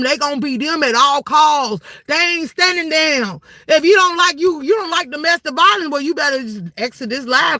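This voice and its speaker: Brash high-pitched woman ranting on a livestream. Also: no echo. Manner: brash, profane, with frequent shouted outbursts. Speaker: livestream commentator. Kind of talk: heated live-stream commentary.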